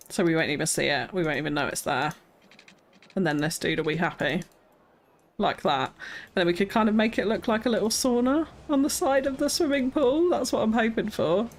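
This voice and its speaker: Chatty British woman streaming a game. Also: fairly low pitch. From Britain. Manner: thinks aloud, chatty, frequent nervous laughs. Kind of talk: casual live-stream chat while building.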